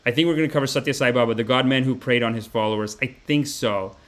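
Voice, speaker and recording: In a medium-pitched voice and at a fast clip, a man hosts a live podcast, chatting loosely on stream. He swears a lot, drifts into tangents, and stays animated throughout.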